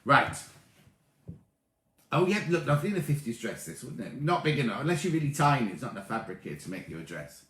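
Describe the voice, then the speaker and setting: A man in his late thirties hosting a casual sewing livestream, chatting excitably and greeting viewers by name as he reads their comments. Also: mid-range voice, quick pace. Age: 30s. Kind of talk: casual live-stream chat reading comments. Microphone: tablet or camera mic. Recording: echoey room.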